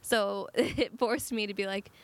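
A young woman talks casually in a relaxed chat as a guest. Her voice sits at a middle pitch, and she laughs often between thoughts. She fills her sentences with "like". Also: measured pace. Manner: chatty, laughs often, says "like" a lot. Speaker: guest, cafe team member. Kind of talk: casual conversation.

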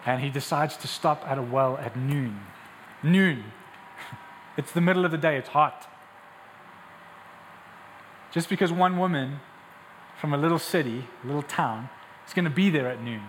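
Preaching at a measured pace with frequent pauses, a young man leads a sermon in a high, bright-edged voice. Easygoing, conversational moments alternate with forceful, climbing appeals to his congregation. A long hall reverb and faint background hiss surround him.

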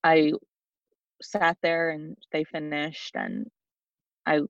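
A young woman, a podcast guest, telling a personal story in a halting way with frequent restarts. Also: sits low, wildly swooping pitch, creaky, no echo. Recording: dull lo-fi dry sound.

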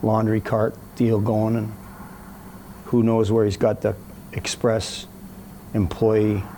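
A man telling a story in a casual interview, animated, acting out the other people's voices as he goes. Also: fairly low pitch, slow pace, slight background noise.

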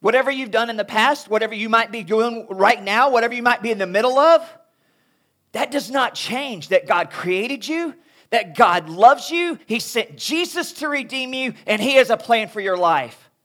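A man preaching a sermon to young people as a youth speaker, talking in an animated, conversational way. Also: very high-pitched, normal speed.

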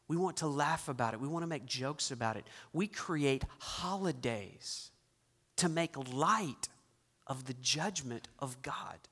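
A man's voice: a little high, expressive, unhurried, husky. Dramatic preaching man in a reverberant hall. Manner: dramatic preaching, shifting from loud emphasis to hushed intensity. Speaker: pastor. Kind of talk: sermon. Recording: long reverb in a large hall.

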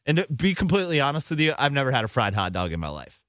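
A man's voice: medium pitch, very animated, rapid-fire, a bit bright, dry recording, clean studio sound. A man hosting a podcast, quizzing his co-hosts in a playful way and laughing often. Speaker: podcast host. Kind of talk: casual chat.

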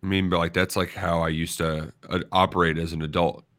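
A man's voice: deep voice, level tone, a little fast, a bit bright. A young man co-hosting a sports radio show from a studio, rambling casually with lots of "like" and "you know". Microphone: studio microphone.

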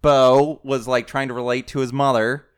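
A man's voice: medium pitch, level tone, normal speed, clean tone. A man co-hosting a casual chat, criticizing a movie in an exasperated, ranting way. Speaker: podcast co-host.

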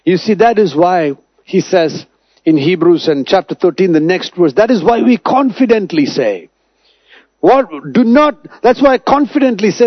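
A man preaching a sermon, declaring scripture over the listeners, swinging between loud emphatic lines and low hushed ones. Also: lively intonation, normal speed, no echo, muffled recording.

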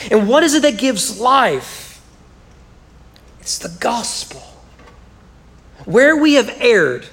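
A man preaching a sermon in a church, emphatic and building to rhetorical questions. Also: sits high. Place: church sanctuary.

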